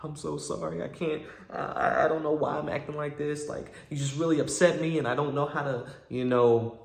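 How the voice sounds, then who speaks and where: A woman's voice: fairly low pitch, steady tone, fairly quick, pitched above the performer's own voice, natural voice. A man voicing a volatile young woman who swings between threats and tearful apologies, in a roomy recording.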